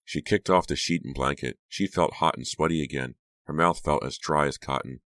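A man narrating an audiobook chapter in an expressive storytelling manner. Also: rumbling low, moderate pace, dry recording, clean studio sound.

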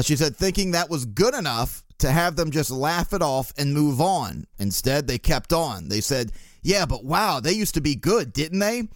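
A man hosting a sports talk show, riffing sarcastically and slipping into mocking voices for the people he quotes. His pitch swings widely and sits a bit high for a man. The sound is dry and close to the mic. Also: no room sound. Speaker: sports podcast host. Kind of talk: casual sports talk monologue.

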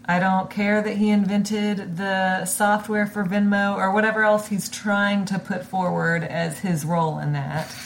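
A woman's voice: medium pitch, level tone, a little slow, few pauses. Woman, podcast co-host, blunt, sarcastic, casual chat, faint background noise.

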